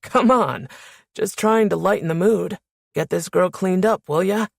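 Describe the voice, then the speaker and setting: A woman's voice: on the low side, unhurried, creaky, no room sound, studio quality. A woman reading an audiobook, voicing a cocky, teasing young man who jokes and shows off. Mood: joking. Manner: teasing, showy, puts on a mock English accent. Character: cocky joking young man, head of security.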